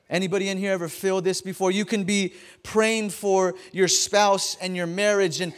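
A man in his thirties preaching a casual, joking sermon to his congregation in a church, often stammering and repeating words. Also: sits high. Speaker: pastor. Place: church sanctuary.

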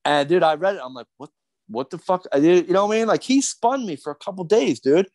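A man's voice: high-pitched, expressive, fast talker, darkish tone, dry recording. A middle-aged man, a skateboarder guest on a podcast, ranting heatedly with lots of swearing and repeated fillers. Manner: profane, fired up, repetitive fillers.

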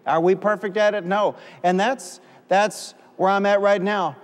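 High-voiced preaching man in a reverberant hall. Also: fairly even intonation, unhurried, hardly any pauses. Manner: call-and-response, rising to shouts. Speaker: pastor. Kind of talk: preaching a sermon. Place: church sanctuary.

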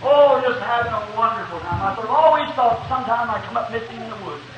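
A man with a high, bright voice preaches a revival sermon in a fervent, folksy storytelling manner, now and then rising to shouts. The recording is an old 1960s tape with a muffled, lo-fi sound that rings around an echoey hall. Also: quick pace, slight background noise. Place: church meeting hall.

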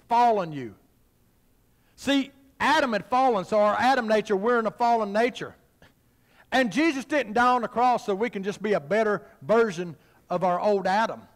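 High-voiced fervent preacher man. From western Kentucky, USA. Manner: chuckles between phrases. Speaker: pastor. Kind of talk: Pentecostal-style sermon. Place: church sanctuary.

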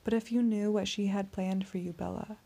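A woman voicing a suave male vampire in an audiobook, speaking in a soft, courteous, menacing purr. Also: mid-range voice, steady tone, brisk, gravelly. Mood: silky menace. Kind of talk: audiobook character reading.

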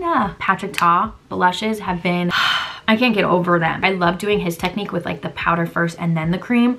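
A young woman chatting casually through a makeup tutorial, playful and quick to laugh at her own mispronunciations. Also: mid-range voice, a bit bright. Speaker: beauty vlogger.

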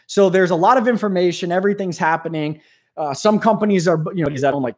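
A man hosting an aquarium channel, talking in an animated, rambling, jokey way on a live stream. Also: sits high, fast. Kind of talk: casual live-stream talk.

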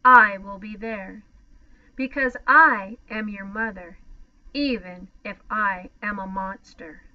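A woman's voice: mid-range voice, takes it slowly, dry recording, natural voice. Woman reading as a fierce, bossy monster mother. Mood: tender. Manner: loud, bossy, snapping orders. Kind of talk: children's storybook read-aloud. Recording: slightly muffled lo-fi sound.

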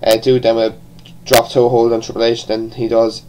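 A wrestling show reviewer with an Irish accent, born in England and partly raised in Ireland, talks through a review in a loose, unscripted, rambling way. He stumbles over words, restarts sentences and swears casually now and then. His medium-pitched voice is completely flat at normal speed, over a noisy background.

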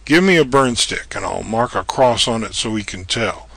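An actor playing a bold, level-headed man exploring an old castle, giving brisk commands. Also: on the low side, lively intonation, creaky, fairly bright tone, dry recording, heavily acted. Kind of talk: audio drama acting.

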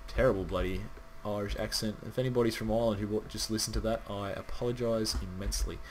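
A man's voice: on the low side, flat delivery, fast talker, slight background noise. A man rambling casually through gameplay commentary, swearing now and then and chatting straight to his viewers. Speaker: gaming channel host.

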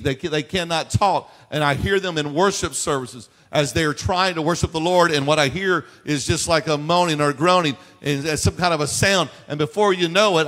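Male preacher with a raised voice, long hall reverb; storytelling sermon that builds to loud preaching. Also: a little high. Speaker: pastor. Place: church sanctuary.

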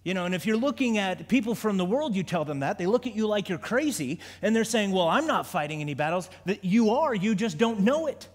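A man's voice: high-pitched, lively intonation, a little fast, few pauses, a little mellow. A man preaching a sermon in a church, talking conversationally with stammered restarts and rising into fervent prayer. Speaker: pastor. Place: church sanctuary. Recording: long hall reverb.

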